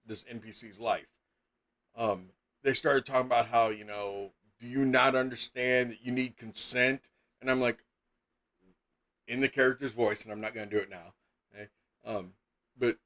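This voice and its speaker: A man's voice: mid-range voice, fairly bright tone. A middle-aged man chatting casually as a game master on a live stream, rambling with lots of fillers and sudden emphatic bursts.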